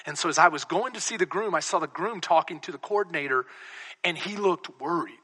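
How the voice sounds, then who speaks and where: A man's voice: a little high, brisk, sharp tone, husky. A man pastor from Texas preaching a sermon, telling stories and building to emphatic repeated declarations in a church sanctuary. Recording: long church reverb.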